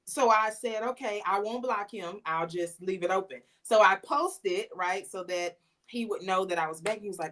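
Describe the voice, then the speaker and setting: Animated and casual, the female interview guest recounts a personal story, performing the lines she quotes, in a mid-range voice at a moderate pace.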